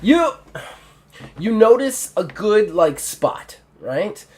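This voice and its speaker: A man's voice: high voice, big pitch swings, drawn-out words, a little mellow. Rambling male game master. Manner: rambling, filler-heavy, self-correcting. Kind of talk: narrating a tabletop game.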